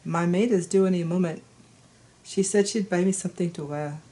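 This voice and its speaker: Woman voicing a gruff Scottish werecat. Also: lowish voice, moderate pace, mellow, lightly acted. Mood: grudging. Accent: attempted Scottish. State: hoarse. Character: young male werecat, gruff and reluctant.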